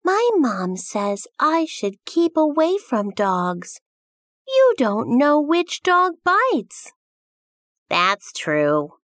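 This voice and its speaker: A woman reading out lesson numbers and exercise instructions for an English textbook, slowly and carefully. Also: high-pitched, huge pitch swings, fairly bright tone, no echo, studio quality. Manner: very slow, carefully spoken prompts.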